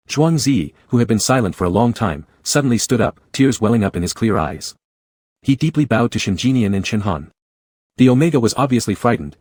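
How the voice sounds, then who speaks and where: A man narrating a romance comic story in an even, measured way. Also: lowish voice, dry recording. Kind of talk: scripted audiobook narration.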